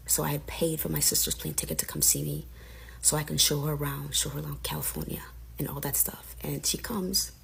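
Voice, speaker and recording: A woman's voice: deep voice, vocal fry, slightly rough. A young woman casually recounting a personal story, candid and frustrated, acting out the lines of family members as she goes.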